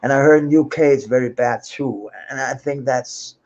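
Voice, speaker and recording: A man's voice: mid-range voice, moderate pace, darkish tone, dull audio. A Danish man speaking English with a Danish accent, chatting loosely and swearing on an unplanned livestream about his music life. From Denmark. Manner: rambling, swears freely, laughs often, many restarts. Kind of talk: unscheduled casual livestream chat.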